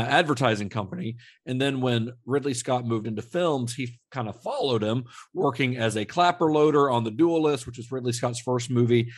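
A man co-hosts a podcast in a mid-range voice, recorded with studio quality and no echo. Relaxed and rambling, he chats casually about film trivia, full of fillers and restarts.

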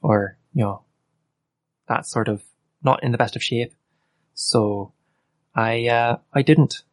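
A man with an ordinary mid-pitched voice who plays a tabletop game and speaks in a hesitant, halting way. The recording is dry, with no room echo. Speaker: player. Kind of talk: playing a tabletop game in character.

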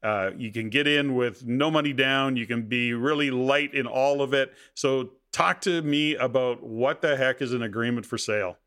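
A man's voice: mid-range voice, normal speed, hardly any pauses, a bit bright, clear, resonant tone. A man hosting an interview, prompting his guest with brief questions. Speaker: interview host.

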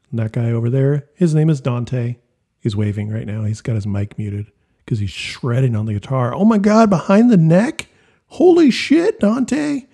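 A man's voice: medium pitch, warm tone. A man co-hosting a podcast in casual, jokey chat, recorded on a home office mic. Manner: chatty, jokey, laughs often. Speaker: podcast co-host.

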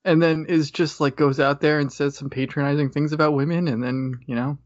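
A man's voice: a little high, fairly even intonation, a little fast, dry recording. A man co-hosting a podcast, chatting casually about a movie and explaining video game details with a laugh. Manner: knowledgeable game fan, laughs. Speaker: podcast co-host. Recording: dry lo-fi audio.

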